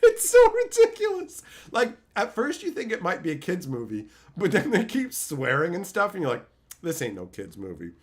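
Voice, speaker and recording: A man's voice: high-pitched, huge pitch swings, normal speed, few pauses. A man chatting casually on a live stream, telling stories animatedly and laughing often.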